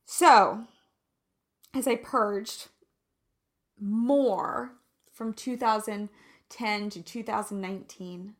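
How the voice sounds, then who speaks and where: Slow, emotional woman vlogger. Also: mid-range voice. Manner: emotional, candid, drawn-out and reflective. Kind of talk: personal confessional vlog.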